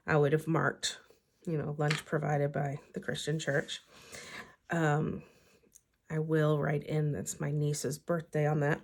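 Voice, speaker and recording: A woman's voice: sits low, creaky, a little mellow. A woman vlogger and teacher chatting casually to herself as she decorates her weekly planner.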